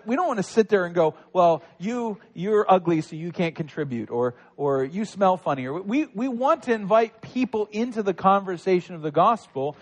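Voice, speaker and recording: A man preaching a sermon, teaching through a scripture passage in a conversational way with frequent restarts. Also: high voice. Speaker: pastor.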